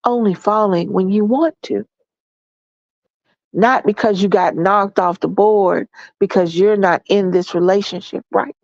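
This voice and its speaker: A woman's voice: medium pitch, fairly even intonation, measured pace, creaky, no echo, muffled recording. Congested woman giving relationship advice. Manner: folksy, preachy, addresses listeners as y'all and baby.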